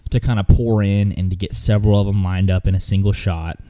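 Guy with a lowish warm voice just chatting thru a hunt story, kinda rambly, lots of ums. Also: steady tone, quick pace. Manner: rambling, many fillers and restarts. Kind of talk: casual storytelling.

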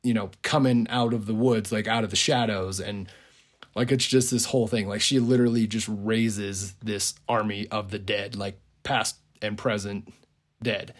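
A man's voice: lowish voice, steady tone, moderate pace. A man casually retelling a movie idea on a podcast, rambling with lots of "like" and frequent chuckles. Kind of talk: casual storytelling.

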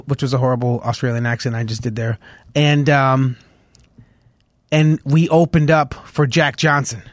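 A man's voice: mid-range voice, moderate pace, dry recording. Rambling man telling stories, dry studio sound. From Los Angeles. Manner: rambling storytelling with many fillers. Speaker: musician guest. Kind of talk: casual interview chat.

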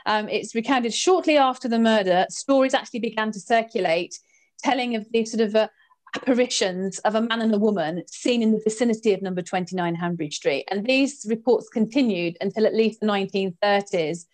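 A woman guest recounting a ghostly experience in a lively, expressive way, her voice jumping up in pitch at the dramatic moments. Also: brisk. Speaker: guest storyteller. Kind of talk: animated anecdote telling.

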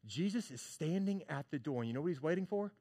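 A man preaching a sermon, talking conversationally to his congregation and swinging from hushed moments to loud bursts. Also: fairly high pitch, lively intonation, fast, breathy edge. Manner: conversational, addresses congregation as church and y'all. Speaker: pastor.

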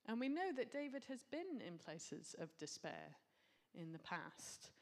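A woman's voice: mid-range voice, sing-song, unhurried, darkish tone. A woman preaching a sermon, earnest and reflective, with casual asides.

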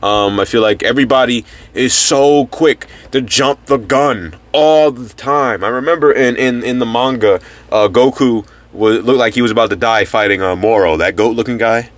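A man's voice: mid-range voice, moderate pace, few pauses. A man co-hosting a casual podcast, talking in an earnest, rambling way with many restarts. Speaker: podcast co-host. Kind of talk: casual chat.

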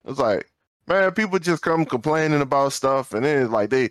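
A man's voice: mid-range voice, lively intonation, normal speed, fairly bright tone, dry recording. A man co-hosting a podcast in casual storytelling chat, acting out quoted dialogue and repeating words when he gets fired up. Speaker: podcast co-host.

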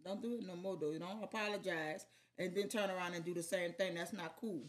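A woman's voice: on the low side, fairly even intonation, brisk. Woman teasing her husband in casual talk. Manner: teasing, scolding, laughs. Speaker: co-host giving marriage advice. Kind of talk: casual chat.

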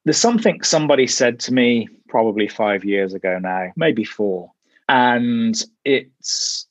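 A man guest talking in a relaxed, thoughtful way, musing aloud and hedging with "sort of". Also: mid-range voice, unhurried, no room sound. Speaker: guest, journal editor. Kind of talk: casual interview chat.

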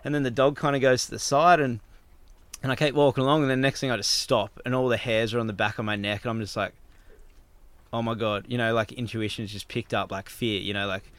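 Animated man telling a story. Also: mid-range voice, fast, no room sound. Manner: animated, laughing, swears freely. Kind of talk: casual storytelling chat.

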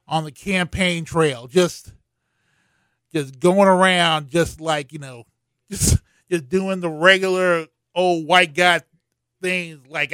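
A man's voice: on the high side, slow, long pauses, a bit bright, clean tone, dry recording, clean studio sound. A man doing comedic news commentary, rambling and profane, with lots of fillers.

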